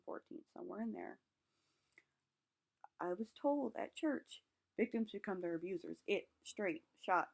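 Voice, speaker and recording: A woman's voice: medium pitch, a little mellow. A young woman speaking in a personal vlog, impassioned, her voice rising and falling as she talks. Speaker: vlogger. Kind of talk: passionate personal vlog monologue.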